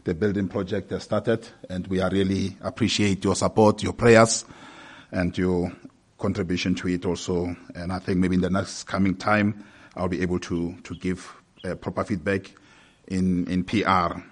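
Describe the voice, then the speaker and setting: A man preaching a sermon, measured and hesitant at times, growing more forceful as he reads scripture aloud. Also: low voice, little pitch movement, breathy edge. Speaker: pastor.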